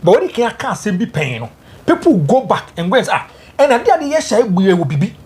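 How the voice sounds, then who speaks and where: Ghanaian guy on a politics panel, talks fast, says everything twice, super emphatic. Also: high-pitched, very animated, a little mellow. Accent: Ghanaian English. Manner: emphatic, repeats his points. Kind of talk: political talk show debate.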